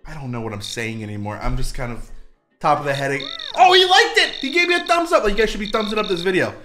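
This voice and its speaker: Hyper, bright-voiced young man gaming. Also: fairly high pitch, expressive, fast talker, soft background music. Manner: hyper, goofy, shouting bursts. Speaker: gaming video host. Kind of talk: gameplay commentary.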